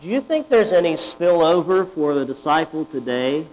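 High-voiced preacher, lo-fi humming recording. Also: male voice, sing-song, darkish tone. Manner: deliberate, emphatic, rhetorical questions. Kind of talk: sermon. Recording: dull lo-fi with mains hum.

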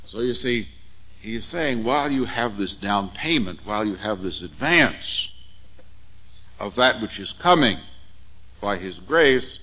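A man preaching an expository sermon, measured and emphatic, with deliberate pauses on key words. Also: lowish voice, lively intonation, sharp tone, poor audio.

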